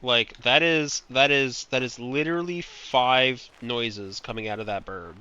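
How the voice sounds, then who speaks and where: A man's voice: mid-range voice, measured pace, bright, forceful tone, clear, resonant tone, muffled recording. Frustrated man streaming a puzzle game. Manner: frustrated, mimics bird chirps, swears. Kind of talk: live puzzle-game commentary.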